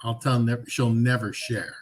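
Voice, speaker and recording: A man's voice: mid-range voice, little pitch movement, unhurried. A man co-hosting a talk show, chiming in with short teasing remarks. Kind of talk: casual chat. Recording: live stream with faint background noise.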